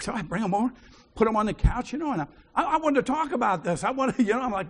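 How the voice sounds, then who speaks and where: A man's voice: extremely high pitch, lively intonation, rapid-fire, a bit bright. A man preaching a sermon, telling a personal story with frequent chuckles. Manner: chuckles often while telling stories.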